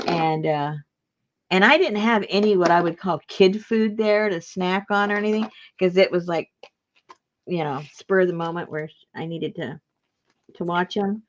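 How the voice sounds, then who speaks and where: A woman's voice: on the low side, muffled recording. A woman telling a story in a casual chat, laughing often and acting out the voices in her quotes. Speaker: craft video host.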